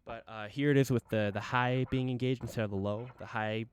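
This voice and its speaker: A man's voice: medium pitch, fairly even intonation, fairly quick, clean tone, no room sound. A man hosting a casual guitar gear demo, enthusiastic and rambling, with many restarts.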